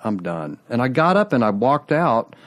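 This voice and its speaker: A man in his fifties, a guest musician, telling stories in a casual, rambling way with quick restarts. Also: medium pitch, lively intonation, fairly bright tone. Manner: rambling, quick, self-interrupting. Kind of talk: casual storytelling.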